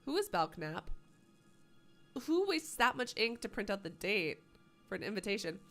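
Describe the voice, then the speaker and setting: A woman's voice: medium pitch, animated, moderate pace, fairly bright tone, soft background music. A woman live-streaming a game, with playful, sarcastic commentary and plenty of swearing. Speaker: gaming streamer.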